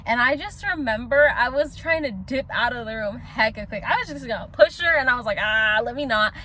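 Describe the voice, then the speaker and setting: A woman with a high voice and a swooping, lively pitch tells a personal story in a casual vlog. She talks in slang, acts out her own past lines and laughs often. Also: a little fast, slight background noise. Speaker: vlogger telling a personal story.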